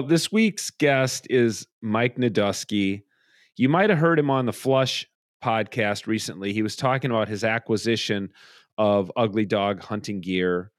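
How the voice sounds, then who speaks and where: A man's voice: fairly low pitch, dry recording, clean studio sound. A middle-aged man hosting a podcast from his home, chatting casually and rambling with restarts. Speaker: podcast host. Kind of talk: casual chat. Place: room at home.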